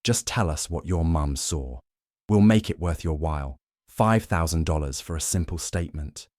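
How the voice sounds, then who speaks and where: A man's voice: a bass voice, lively intonation, normal speed, darkish tone, no room sound, studio quality. A man voicing a sneering, pushy male photographer in his forties. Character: sneering middle-aged male paparazzo leader.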